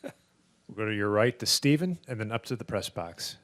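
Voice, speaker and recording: A man's voice: fairly low pitch, animated, moderate pace, a bit bright. A man moderating a press conference, giving brief, businesslike cues about who asks next. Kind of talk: directing questions to reporters.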